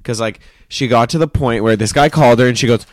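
A man's voice: medium pitch, fast, dry recording, clean studio sound. A man co-hosting a podcast, telling stories in casual chat, swearing freely and acting out the voices of the people in them. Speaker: podcast co-host.

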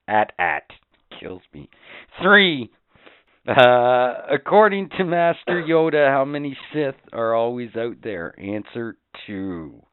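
A man's voice: mid-range voice, no room sound. A man co-hosting a podcast, ranting with crude, profane comedy. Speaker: podcast co-host. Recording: dry, phone-like lo-fi sound.

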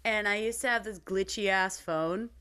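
A woman in her twenties co-hosting a podcast in casual chat, giggly and quick to mimic voices. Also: mid-range voice, pushed and bright, clear, resonant tone. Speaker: podcast co-host.

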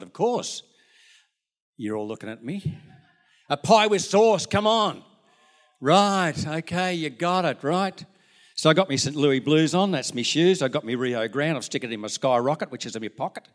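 The speaker is an older man, an Australian pastor preaching to his congregation in church. His voice is medium in pitch and a little bright, and he weaves in folksy anecdotes and asides as he goes.

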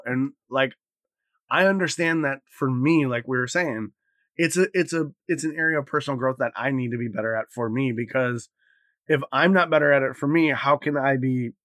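A middle-aged man talking casually as a podcast co-host, blunt and profane, moving between loud outbursts and quiet reflection. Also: medium pitch, no room sound. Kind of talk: casual chat.

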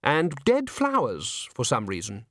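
A man's voice: mid-range voice, wildly swooping pitch, sharp tone, full character voice. A man voicing a snooty male music director who speaks with pained, superior patience. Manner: superior, drawn-out.

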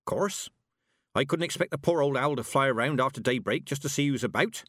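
A man's voice: medium pitch, fairly quick, a bit bright, dry recording, voice pushed up, close to an everyday voice. A man reading an audiobook voices a stern old witch woman who speaks in a blunt, clipped, dry way. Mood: gruff.

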